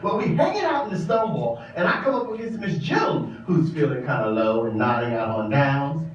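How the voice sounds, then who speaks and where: A man's voice: medium pitch, sing-song, normal speed, a little hiss or hum, lightly acted. An actor performing a stage monologue as a sassy, flamboyant older drag queen with a campy, theatrical way of talking who calls the listener darling. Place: large echoing exhibition space. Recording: roomy, distant, dull exhibit recording.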